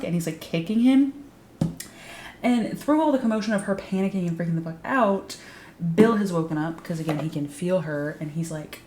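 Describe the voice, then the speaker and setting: Woman ranting through a tv recap, kinda low voice, lots of cussing and likes, echoey room w faint hiss. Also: brisk, warm tone. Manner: sarcastic, profane, frequent "like" fillers. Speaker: YouTube recap host. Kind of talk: casual recap commentary.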